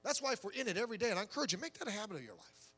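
A male pastor delivers a sermon in a high, bright voice. He preaches conversationally yet emphatically and throws rhetorical questions at his listeners. His words ring out with a long reverb in a large hall. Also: very animated, very fast, slightly rough.

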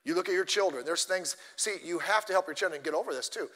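A male pastor preaching a sermon, telling stories in an animated way and addressing the congregation directly. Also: sits high, fast talker, long reverb tail.

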